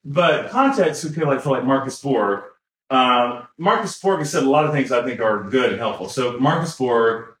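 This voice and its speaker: In an easygoing podcast chat, a male co-host with a mid-range, fairly bright voice speaks animatedly at normal speed. He meanders, fixes his own phrasing, uses lots of fillers, and chuckles while talking, against a roomy echo.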